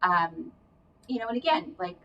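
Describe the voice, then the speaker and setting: A woman's voice: on the low side, sing-song, normal speed, gravelly, muffled recording. Chatty woman, distant mic. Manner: chatty, explanatory, hedges with asides. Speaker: career coach guest. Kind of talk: casual advice chat. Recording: distant mic with faint background noise.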